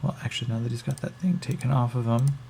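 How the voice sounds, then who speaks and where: Solo game master, gravelly voice, halting think-aloud narration, faint keyboard noise behind. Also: male voice, medium pitch, flat delivery, warm tone.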